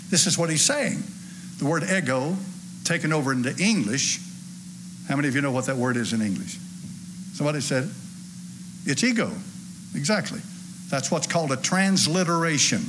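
A man, preaching a sermon to a church congregation in a folksy, animated way with asides to the crowd. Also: mid-range voice, background noise. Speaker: pastor. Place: church sanctuary.

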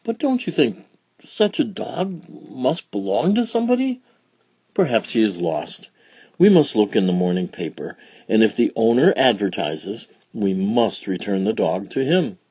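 A man reading a children's storybook aloud, voicing a gentle, patient mother who talks softly, calm and kindly firm. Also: on the low side, a little slow, husky, no echo, highs cut off, exaggerated voice.

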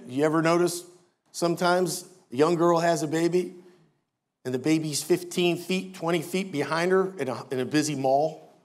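A man's voice: fairly high pitch, moderate pace. An older man preaching a sermon as pastor, emphatic with wry asides.

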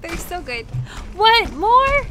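A young woman streaming a video game live, reacting excitably with shouts, groans and laughter as she plays. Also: very high-pitched, slow, music in the background. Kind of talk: live gameplay commentary.

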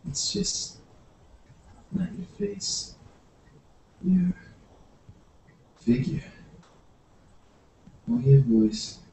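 A man's voice: sits high, little pitch movement, vocal fry, reverberant, recorded from a distance, slight background noise, full character voice, poor audio. A man playing an eerie whispering detective with a Boston accent. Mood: eerie, hushed. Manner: slow, hushed, drops to whispers. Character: eerie obsessed male detective, calm and menacing. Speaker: audition actor.

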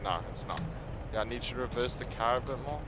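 A man's voice: mid-range voice, fast talker, background noise. A man playing a game role-play over voice chat, exasperated and swearing often. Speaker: player.

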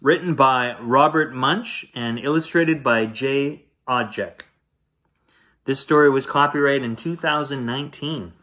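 A man reading a children's bedtime story aloud, playful and animated, acting out sound effects. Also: mid-range voice, a little slow.

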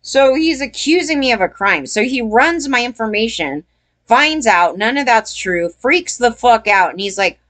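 A woman's voice: on the high side, animated, normal speed, a bit bright. A woman vlogger telling a story in a casual, rambling rant, emphatic and full of swearing.

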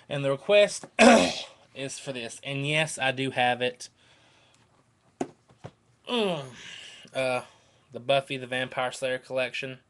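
A vlogger in his twenties from North Carolina talks to camera in a Southern accent, rambling casually in an earnest, emotional, repetitive way. His voice is mid-range with a fairly bright tone.

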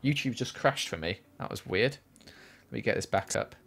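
A man's voice: fairly low pitch, expressive, moderate pace, vocal fry, a bit bright. A young man streaming a game, chatting casually and answering chat questions from a small room at home. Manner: chatty, reads chat aloud and answers while playing.

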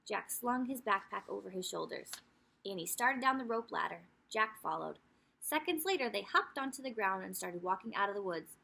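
A woman's voice: medium pitch, expressive, moderate pace, gravelly, pushed and bright, husky. A woman teacher reading a children's chapter book aloud, telling the story expressively with asides to young listeners.

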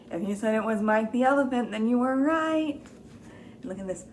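A young woman teacher reading a picture book aloud to young children, slow and gentle, gasping with exaggerated excitement. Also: on the high side.

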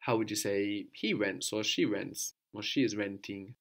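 A man's voice: on the low side, a little slow, a bit bright. A man teaching a spoken language lesson, patiently explaining and quizzing his student, then repeating the answers.

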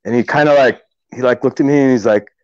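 A man's voice: mid-range voice, fast talker, no room sound, lo-fi sound. A middle-aged man from Omaha, a kayak angler, tells stories casually in a podcast interview, rambling with many fillers and restarts.

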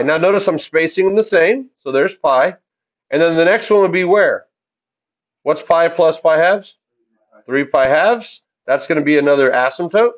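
A man's voice: a little high, lo-fi sound. A man teaching a math class in an upbeat, jokey way, asking the class questions as he works through the graphs. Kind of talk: classroom lesson.

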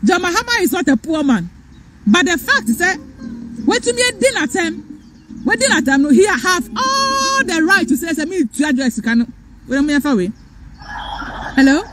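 A woman's voice: extremely high pitch, sing-song, normal speed, pauses often, noisy background. A Ghanaian woman hosting a live stream, lecturing fiercely and repeating her points. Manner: fiery, lecturing, repeats phrases, switches between English and Twi. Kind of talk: impassioned live-stream rant.

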